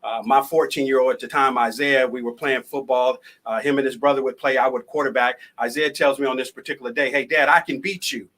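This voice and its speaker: A man speaking as a motivational speaker, telling a personal story live in a conversational, lively way over a video call. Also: medium pitch, fast, few pauses.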